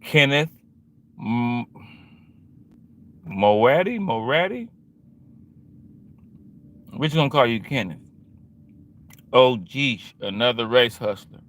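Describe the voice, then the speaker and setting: Bright-voiced man ranting on a livestream. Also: mid-range voice, unhurried, long pauses. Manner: confrontational, repetitive and slangy. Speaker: livestream host. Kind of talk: livestream rant to chat.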